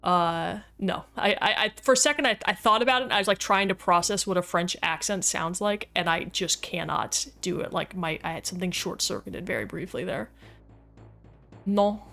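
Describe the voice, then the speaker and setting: A woman's voice: lowish voice, moderate pace, creaky, sharp tone, soft background music. Chatty woman streaming a game. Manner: chatty, goofy, reads chat aloud. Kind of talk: casual livestream chat.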